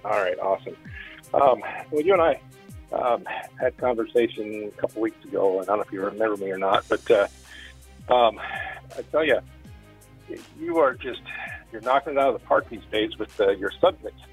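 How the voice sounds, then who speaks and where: A man calling in to a radio show while working, out of breath, speaking haltingly with many fillers. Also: on the low side, animated, breathy edge, soft background music, poor audio. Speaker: caller.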